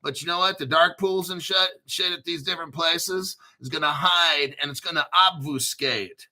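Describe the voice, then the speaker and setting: Crude, profane male host in his 50s, rants fast and loose with a sharp, very bright tone. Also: fairly high pitch. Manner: crude, foul-mouthed, ranting. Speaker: crypto channel host. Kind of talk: profane livestream rant.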